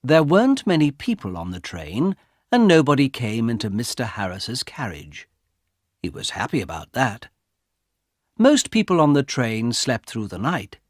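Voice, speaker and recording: A male narrator reads an easy storybook slowly and clearly. His pitch moves a lot, keeping the story lively. The sound is dry and close to the mic. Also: dry recording. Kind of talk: audiobook narration of a graded reader.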